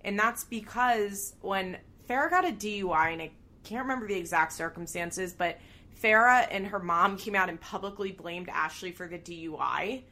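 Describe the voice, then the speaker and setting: During a relaxed reality-show recap, a podcast co-host talks animatedly, laughing often and cursing occasionally. She has a medium-pitched voice with a bright, forceful tone and keeps a moderate pace.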